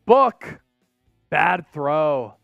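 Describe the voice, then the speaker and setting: Male stream host, high pitched, energetic casual play-by-play, dry sound. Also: very slow, vocal fry, no echo, muffled recording, faint music behind. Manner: energetic, hyped fan banter. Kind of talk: excited live play-by-play commentary and chat shout-outs.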